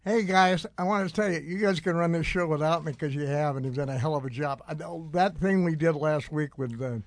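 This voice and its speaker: Radio host, male, slightly high voice, dry studio sound, talks in loose rambling asides. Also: steady tone, brisk, no room sound. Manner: rambling, frequent uh fillers and restarts. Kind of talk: casual radio talk.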